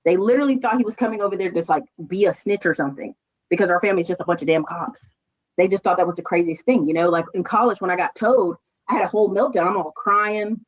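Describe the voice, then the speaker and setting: A woman chatting casually on a stream, telling stories with quick asides. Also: mid-range voice, highs cut off. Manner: animated storytelling, quick asides. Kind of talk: casual chat.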